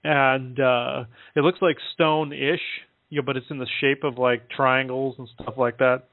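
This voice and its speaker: A man talking casually on a call-in show, halting often with fillers as he relays what he is told. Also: mid-range voice, level tone, no echo. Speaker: guest relaying contact reports. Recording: dry tinny phone line.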